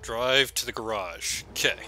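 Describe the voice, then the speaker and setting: Brief: jokey male let's-play commentator, bright sharp voice, slow delivery that breaks into excited yelps. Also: mid-range voice, soft background music. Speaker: gameplay commentator.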